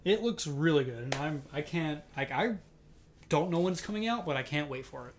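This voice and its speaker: A man co-hosting a casual podcast who tells stories in an animated way and acts out the quoted lines. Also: a little high, a little fast, a little hiss or hum. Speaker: podcast co-host. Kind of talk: casual chat.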